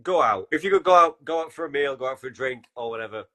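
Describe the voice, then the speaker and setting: A man's voice: medium pitch, lively intonation, fast, sharp tone. A man hosting a podcast, asking questions hesitantly with lots of fillers and laughter. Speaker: podcast host. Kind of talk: casual podcast chat.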